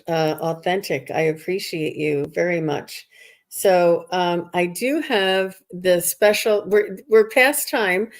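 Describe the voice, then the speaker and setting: Female stream host, slow and drawn-out delivery, eager and admiring. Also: lowish voice. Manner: enthusiastic, unhurried. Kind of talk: live stream chat.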